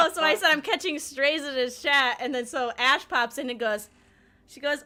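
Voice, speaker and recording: A woman's voice: high voice, brisk, bright, forceful tone, slight background noise. A woman streamer telling a long story in casual chat, laughing often and acting out what others said. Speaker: streamer host.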